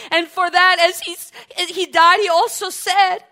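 A woman preaching with great passion, her voice very high and bright. She drops to hushed murmurs, then surges into tearful, shouted exclamations. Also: little pitch movement, moderate pace, hardly any pauses. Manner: impassioned, swinging from hushed to shouting, sometimes tearful. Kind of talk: emotional sermon.

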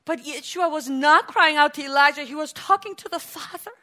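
Impassioned high, bright-voiced woman preacher. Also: a little fast. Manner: impassioned, swinging from hushed to shouting, sometimes tearful. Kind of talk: emotional sermon.

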